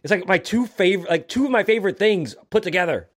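A man's voice: sits high, expressive, fast. A man co-hosting a podcast in casual chat, rambling and correcting himself as he talks. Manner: rambling, self-correcting, acts out quotes. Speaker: podcast co-host.

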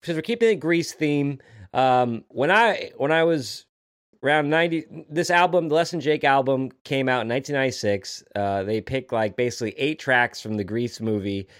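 In relaxed podcast conversation, this male co-host wanders through his points, fixes his own wording as he goes, and performs the quotes he mentions. He speaks in a mid-range voice at a moderate pace.

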